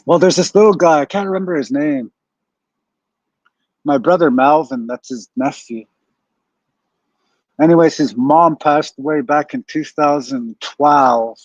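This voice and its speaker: A Canadian male streamer rambles through a profane story for his viewers, often saying "you guys." His fairly high voice is unhurried with long pauses, on a dull, dry lo-fi recording with no room sound.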